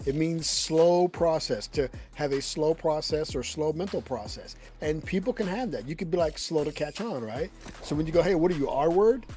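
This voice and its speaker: A man bantering during a gaming stream, arguing fast and playfully, often repeating his words as he pushes his point. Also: a little high, animated, a little mellow.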